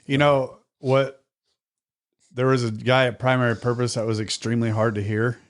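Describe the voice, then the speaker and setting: A man's voice: medium pitch, little pitch movement, normal speed. A man co-hosting a recovery podcast, sharing in an earnest, rambling way and often tagging lines with "right?". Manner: earnest, rambling, tag questions. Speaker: podcast co-host. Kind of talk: casual recovery group chat.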